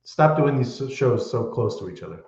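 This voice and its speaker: This man co-hosts a casual podcast and shares strong opinions, often thinking aloud and hedging before he lands a point. His voice comes through a reverberant room on a dull, lo-fi recording, with a middle-of-the-road pitch. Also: animated, normal speed, a little mellow. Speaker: podcast co-host. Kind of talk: casual wrestling chat. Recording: echoey room, dull lo-fi sound.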